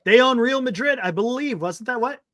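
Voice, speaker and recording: A man's voice: very high-pitched, expressive, normal speed, a bit bright, no room sound, clean studio sound. A man co-hosting a casual sports talk show, chiming in with short reactions and asides. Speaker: podcast co-host.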